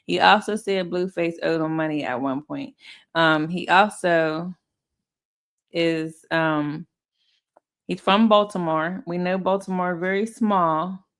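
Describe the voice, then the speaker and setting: A woman's voice: on the low side, takes it slowly. A woman hosting casual commentary, blunt and profane, often laughing. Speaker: commentary host.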